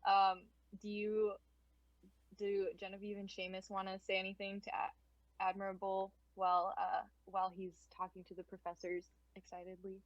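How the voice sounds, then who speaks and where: A woman's voice: mid-range voice, completely flat delivery, normal speed, dry recording, highs cut off. A young woman narrating a tabletop game as game master, casual and giggly, with lots of fillers.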